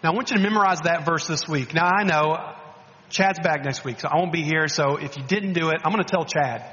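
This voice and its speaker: Male guest preacher, animated sermon, high voice, reverberant hall, muffled recording. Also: fairly quick. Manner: animated, repeats words and restarts, coaxing the congregation.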